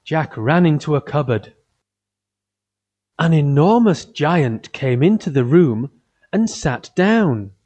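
A man reading a simple fairy tale aloud for children, in an even storytelling way. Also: a little high. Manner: slow, simple, evenly paced storytelling. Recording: dull lo-fi recording.

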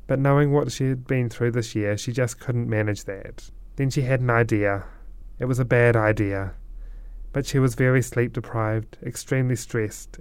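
Gentle man telling a story. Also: mid-range voice, smooth, no echo. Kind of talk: storytelling narration.

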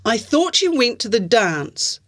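A woman voicing a prim young farm girl who is frightened and alarmed, speaking in a shrill voice. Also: sing-song, measured pace.

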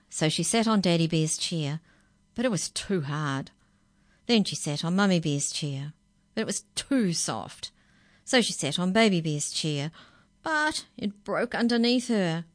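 A woman reading a children's story aloud in a gentle, patient way. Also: lowish voice, no echo, studio quality.

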